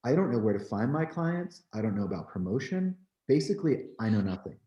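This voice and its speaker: A man from New Jersey, a photographer, telling his story in an animated, candid way, peppering his talk with "like" and "you know.". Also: medium pitch, fairly quick, muffled recording. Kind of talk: storytelling in a conversation. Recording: roomy echo.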